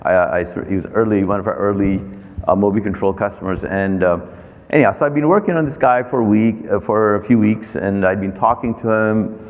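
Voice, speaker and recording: Man, lowish voice, anecdotal interview talk, lots of restarts, reverberant room. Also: animated, a little mellow. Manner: anecdotal, halting with many restarts and fillers. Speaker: company founder and CEO. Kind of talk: storytelling interview.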